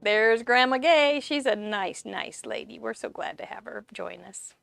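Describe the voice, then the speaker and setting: A woman's voice: fairly high pitch, unhurried, gravelly, a bit bright. A woman hosting a live crafting stream, chatty and bubbly, greeting viewers by name and laughing often. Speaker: host of a live crafting show.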